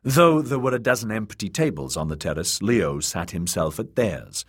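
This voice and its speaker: A man narrates a fantasy novel in a deep, husky voice. He reads slowly, with a lively, rising and falling delivery. The recording is close and dry. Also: dry recording. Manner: measured, expressive storytelling. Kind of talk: audiobook narration.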